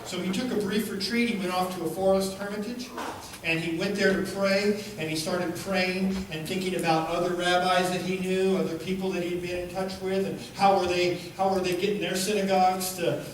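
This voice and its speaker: A man preaching, telling a story in an unhurried, halting way, recorded in a church. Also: high-pitched, steady tone, slight background noise. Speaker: pastor. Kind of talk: sermon storytelling. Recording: echoey church from far off.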